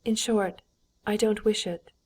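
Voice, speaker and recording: A woman voicing an agitated young aristocratic wife who speaks in an excited, hurried, insistent way, in an audiobook. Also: medium pitch, slightly rough.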